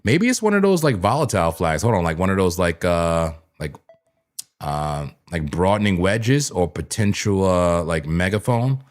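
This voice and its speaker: Lowish-voiced man hosting a trading stream. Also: lively intonation, moderate pace. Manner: rambling, chatty, full of "like" and "man"; talks straight to chat viewers. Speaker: crypto trading livestream host. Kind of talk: casual live trading commentary.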